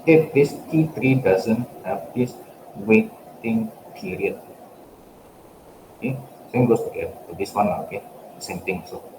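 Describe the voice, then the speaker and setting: A man's voice: mid-range voice, unhurried, long pauses. A man giving a recorded lecture, stepping through a worked example and checking in with "okay" after nearly every phrase. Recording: echoey room with steady background noise.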